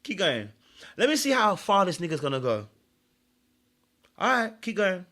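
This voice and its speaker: A man voicing a composed woman who quietly and coolly taunts a liar to keep going. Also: sits high, sing-song, normal speed, exaggerated voice. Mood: cool taunting.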